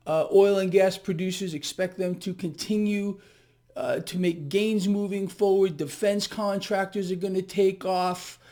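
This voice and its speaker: Emphatic high-voiced man. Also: fairly even intonation, measured pace, warm tone. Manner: emphatic, sarcastic, with lots of fillers. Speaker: market commentator. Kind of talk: direct-to-camera market commentary.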